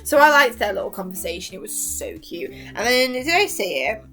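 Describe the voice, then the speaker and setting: A young woman talks in an excited, casual way, gushing and acting out little quotes between laughs. Her voice sits at an ordinary middle pitch, and faint music plays softly underneath. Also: brisk. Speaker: YouTuber reviewing a TV series.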